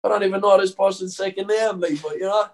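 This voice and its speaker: Young irish man, a bit high-pitched, fighter guest, rambling casual stories, lots of swearing. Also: fast talker, low-quality recording. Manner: rambling, swears freely, many fillers. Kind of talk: casual storytelling interview.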